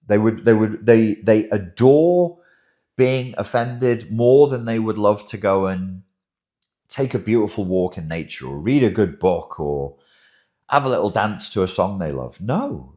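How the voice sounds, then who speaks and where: A man with a lowish voice that swings widely in pitch, delivering an emphatic, wry commentary monologue. He speaks slowly and deliberately and often doubles back on his words. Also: lively intonation, dark tone. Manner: emphatic and wry, with frequent self-repeats. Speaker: host, relationship commentator.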